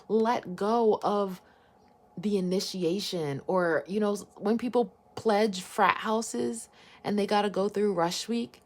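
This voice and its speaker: A woman with a mid-range voice reads tarot cards for her viewers. She talks in a loose, wandering way, thinking out loud and swearing casually. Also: mid-range voice. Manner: meandering, informal, musing aloud, swears casually. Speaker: tarot card reader. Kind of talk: intuitive pick-a-card reading.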